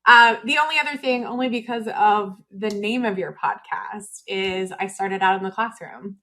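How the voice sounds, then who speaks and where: A woman from Nebraska, a guest on a podcast, talking in a relaxed, friendly way with fillers. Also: mid-range voice, moderate pace. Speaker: guest, education official. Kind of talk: casual interview chat.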